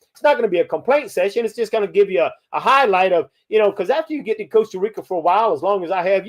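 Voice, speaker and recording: Folksy male host for a live Q&A; pitched high, swinging up and down a lot. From Louisiana. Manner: folksy, peppers talk with "okay?". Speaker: podcast host. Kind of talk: live chat answering viewer questions.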